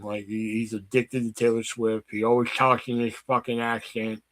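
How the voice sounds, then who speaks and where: A man's voice: mid-range voice, flat delivery, normal speed, a bit bright, no echo. A man hosting a casual livestream, rambling with lots of fillers and swearing. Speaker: livestream host. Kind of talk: casual live-stream chat.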